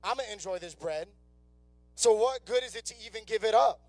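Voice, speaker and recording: Preaching a conversational sermon in a church sanctuary, a young youth pastor speaks fairly quickly and expressively in a high, slightly mellow voice. He acts out people's doubts in their own words, with faint background music and no room sound.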